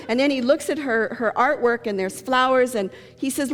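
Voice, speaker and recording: A woman pastor giving a sermon, telling funny stories and jokes in a lively storytelling manner. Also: sits high, moderate pace, few pauses. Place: church sanctuary. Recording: long reverb of a church hall.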